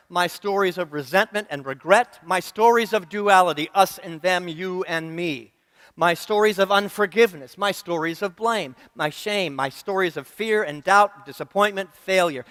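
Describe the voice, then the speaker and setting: A male minister with a high, fairly bright voice delivers a sermon at normal speed in a reverberant church sanctuary. He is earnest, uses rhythmic repetition, and poses questions to the congregation.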